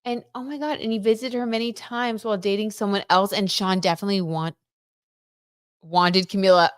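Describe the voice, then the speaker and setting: A woman's voice: mid-range voice, fairly even intonation, a little fast, smooth, no echo, clean studio sound. Chatty woman hosting a tarot gossip livestream. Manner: chatty, gossipy, many fillers like "like" and "um". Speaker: tarot reader and livestream host. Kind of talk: casual livestream chat reading viewer comments.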